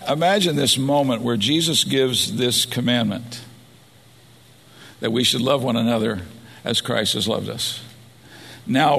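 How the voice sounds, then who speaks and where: Gravelly male pastor preaching in a hall. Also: mid-range voice, sharp tone. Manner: earnest preaching, rising to emphasis. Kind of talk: sermon. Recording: long hall reverb.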